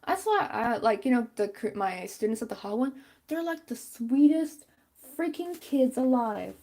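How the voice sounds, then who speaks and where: A woman's voice: fairly high pitch, expressive, normal speed, warm tone. A woman chatting casually and rambling with many fillers while she crochets on a stream.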